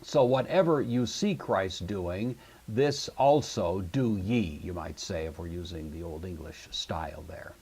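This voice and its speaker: A low, husky male voice works through a grammar lesson at a steady, methodical pace. He thinks aloud as he goes and fills his pauses with "uh." The sound is calm and unhurried, like a classroom lecture. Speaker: Greek teacher. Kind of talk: recorded lecture on Greek grammar.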